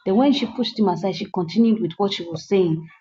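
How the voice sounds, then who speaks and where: Woman, film recap narrator, warm mellow tone, earnest asides, slightly muffled lo-fi sound. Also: medium pitch, fairly quick. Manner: earnest, moralizing asides to viewers. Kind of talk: storytelling film recap with commentary.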